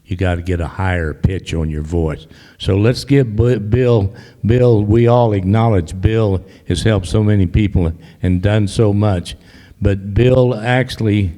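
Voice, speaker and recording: A man's voice: fairly low pitch, measured pace, warm tone. An older man, an audience member giving rambling, folksy remarks with many restarts. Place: library event hall. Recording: long hall reverb.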